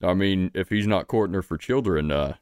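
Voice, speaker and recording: A man's voice: low-pitched, a little fast, darkish tone, smooth, no room sound, studio quality, natural voice. A man voicing a large, leering male toad who is pushy and nosy, talking in a folksy, forward drawl.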